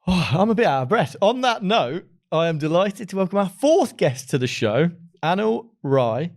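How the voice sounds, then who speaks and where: A man's voice: medium pitch, a little mellow. Upbeat guy from the midlands hosting a podcast, easy casual chat. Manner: chatty and enthusiastic, laughs often. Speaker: podcast host.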